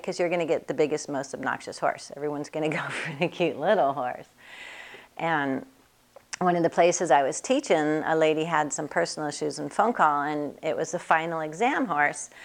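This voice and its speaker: Woman, deep voice, gravelly edge, chatty storyteller, laughs between anecdotes. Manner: chatty, acts out other people's voices in quotes, laughs often. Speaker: equine bodywork practitioner and teacher.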